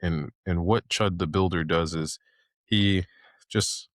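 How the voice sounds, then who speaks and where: Low-voiced man ranting on a podcast. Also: steady tone, slow pace, dry recording, studio quality. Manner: rambling, loose, with many fillers and restarts. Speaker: podcast host. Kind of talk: casual ranting monologue.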